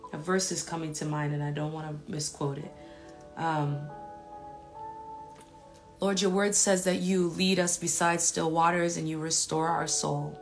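Low-voiced woman praying on a live stream, earnest, keeps circling back with "and so, lord", lots of ums, faint music underneath. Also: fairly even intonation, unhurried, long pauses. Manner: earnest, repeated appeals and declarations, loose with fillers. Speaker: minister leading a live prayer stream. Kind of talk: spontaneous spoken prayer and chat with viewers.

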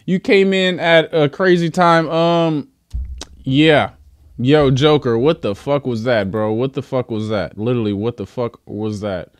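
A man's voice: mid-range voice, steady tone, measured pace. A young man streaming live, laid-back and slangy, cursing often.

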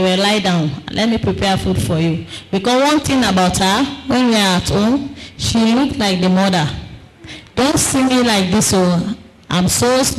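A woman giving a personal testimony to a congregation in an earnest, storytelling way, acting out the quoted dialogue and slowing down for emphasis. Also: mid-range voice, poor audio. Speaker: testifying church member.

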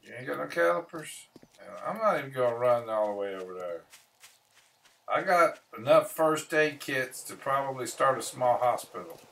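A man's voice: medium pitch, expressive, moderate pace, creaky, a bit bright, distant mic, a little hiss or hum. A man giving casual gameplay commentary, grumbling and swearing to himself as he plays. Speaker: gameplay streamer.

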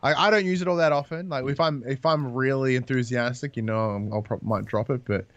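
A man's voice: medium pitch, fairly even intonation, fairly quick, no room sound, highs cut off. A man with an Australian accent, a guest in a casual chat, talking loosely and swearing freely. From Victoria, Australia.

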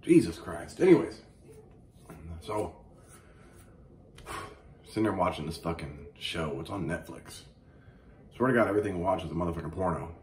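A man hosting a comedy show, ranting crudely and profanely with mock outrage and animated storytelling. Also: low-pitched, normal speed, long pauses, slight background noise. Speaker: comedy podcast host. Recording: echoey room.

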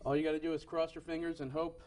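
A man's voice: fairly high pitch, flat delivery, fast talker, a little mellow. A young man hosting a game show in a TV studio, with upbeat patter and frequent self-corrections.

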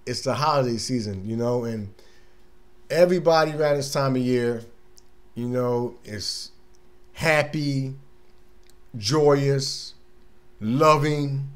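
A man hosting a casual radio talk monologue, laid-back and chatty, often laughing and acting out little scenes from his day. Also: on the high side. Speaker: radio show host.

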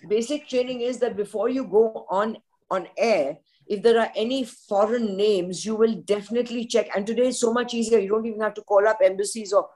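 An older woman with an Indian English accent speaks in a fairly high, dark-toned voice at a moderate pace. She is a veteran news journalist on a podcast panel, talking frankly as a forthright, opinionated storyteller.

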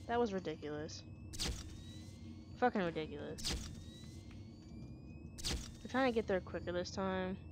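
A woman's voice: on the low side, lively intonation, measured pace, pauses often, noisy background. A woman hosting a let's play, talking in an exasperated, slangy way full of swearing. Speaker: gaming channel host.

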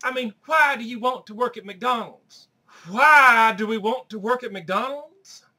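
A man's voice: extremely high pitch, a little slow, sharp tone, exaggerated voice. A man doing brash auntie Charlene. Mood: gossipy. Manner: crude, gossipy, brash. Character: brassy crude Southern middle-aged woman, Aunt Charlene. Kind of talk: comedy sketch character.

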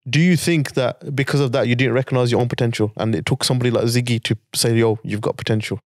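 A man hosting a podcast, asking his guest questions in a relaxed, joking way. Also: mid-range voice, fast talker, dry recording, studio quality. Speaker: podcast host, boxing coach. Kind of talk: interview questions.

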